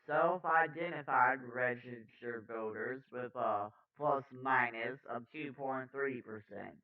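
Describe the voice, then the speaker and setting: A man hosting a political video, reading out poll figures in a slow, halting way and correcting himself as he goes. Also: medium pitch. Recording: tinny phone-like sound from far off.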